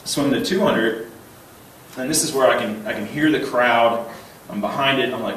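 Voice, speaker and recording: A man's voice: medium pitch, normal speed. A man in his thirties gives a light, humorous speech at a banquet and tells personal stories with plenty of chuckles. He restarts his sentences often, and his voice sounds distant and washed in heavy reverb from a large hall. A faint hum of room noise sits underneath. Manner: animated, chuckling often, repeats words when starting a thought. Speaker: banquet keynote speaker. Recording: very echoey hall, voice heard from a distance.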